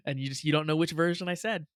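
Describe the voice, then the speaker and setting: Chatty man, slightly high voice. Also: a bit bright, clean tone, dry recording, clean studio sound. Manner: chatty, laughs often, repeats words. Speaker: podcast co-host. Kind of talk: casual review chat.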